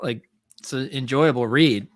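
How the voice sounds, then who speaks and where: A man's voice: medium pitch, measured pace. A man co-hosting a casual podcast chat, emphatic and crude, sprinkling in swearing and "dude". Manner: emphatic, swears a lot, keeps saying "dude". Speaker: podcast co-host.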